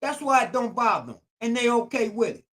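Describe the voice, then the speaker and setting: A man's voice: very high voice, sing-song, fairly quick, a bit bright. Older man preaching in AAVE. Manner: preachy, repetitive, emphatic. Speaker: YouTube channel host. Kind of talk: streetwise commentary monologue.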